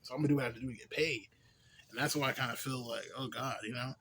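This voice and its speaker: A man's voice: mid-range voice, steady tone, racing, fairly bright tone, breathy edge. Tipsy man rambling casually with slang. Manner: loose, profane, filler-heavy slang talk. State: a little tipsy from beer. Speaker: vlogger. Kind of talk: casual rambling vlog monologue.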